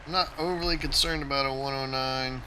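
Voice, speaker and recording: Man, gaming commentator, bright tense voice, casual tactical play-by-play, faint background hiss. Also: medium pitch, fairly even intonation, a little fast, low-quality recording. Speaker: gaming channel host. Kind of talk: flight game commentary.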